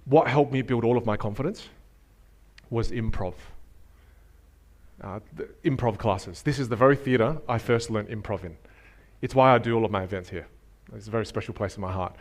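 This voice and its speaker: Emphatic man coaching on a stage. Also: medium pitch. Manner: emphatic, repeats key phrases. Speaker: speaking coach. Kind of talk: live workshop talk. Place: theater stage.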